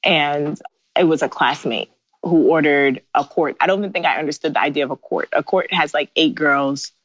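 Brief: woman in her thirties, lowish voice, animated storyteller, dry dull recording. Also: normal speed, dry recording. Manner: animated, laughing asides, acts out her own past lines. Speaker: guest, bridal designer. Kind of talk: casual interview storytelling. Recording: dry, slightly dull sound.

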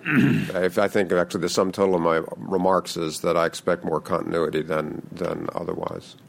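A man answering audience questions as a panel speaker, measured and hesitant, with many fillers. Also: low voice, steady tone, creaky. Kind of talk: public policy Q&A.

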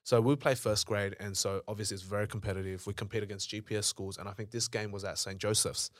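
A man's voice: fairly low pitch, steady tone, fast, no echo. A young Australian man, an entrepreneur guest on a podcast, telling stories bluntly and emphatically with a lot of swearing. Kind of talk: candid storytelling in conversation.

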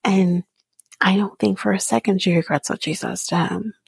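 A woman with a husky, gravelly voice recaps a reality show on her podcast, opinionated and profane. She often slips into a half-whisper as she talks. The sound is close and dry, with no room around it. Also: medium pitch, steady tone, moderate pace, no echo. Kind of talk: casual recap commentary.

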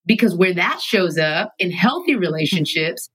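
A woman guest in a studio telling her own story candidly, emphatic and animated, sometimes laughing through her words. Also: fairly low pitch, moderate pace, slightly rough, low-quality recording. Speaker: podcast guest.

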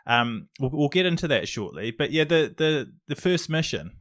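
Podcast host with a higher voice. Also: male voice, sing-song, normal speed, a bit bright. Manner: short prompts and friendly questions. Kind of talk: casual interview.

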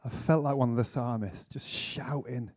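A man's voice: mid-range voice, moderate pace, darkish tone. A man giving a conference sermon, telling a story earnestly with self-mocking humour. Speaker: speaker at a church conference. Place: conference hall talk.

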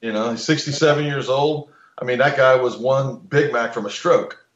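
A man's voice: medium pitch, moderate pace, reverberant, lo-fi sound. A man in casual podcast talk, blunt and opinionated, swearing freely and restarting his sentences.

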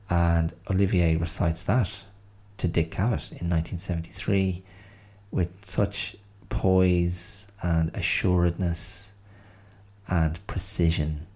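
A man in his fifties hosting a podcast, talking through a casual solo monologue in a reflective, halting way with many pauses and fillers. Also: low-pitched, flat delivery, darkish tone. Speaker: podcast host.

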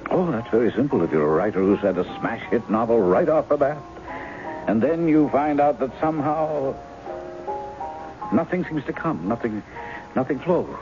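A man's voice: mid-range voice, animated, normal speed, lightly acted. An actor in his forties playing a charming writer who poses as a woman's lost husband, breezy and teasing, in 1970s radio drama style. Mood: rueful. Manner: teasing, breezy, later rueful. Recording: dull old radio broadcast with music.

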